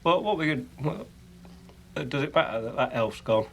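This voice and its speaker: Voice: medium pitch, animated, normal speed, gravelly, fairly bright tone. Player, New Zealand accent, chatty in-character banter, light noise floor. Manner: chatty, folksy, playful. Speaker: tabletop game player. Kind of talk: in-character banter in a tabletop game.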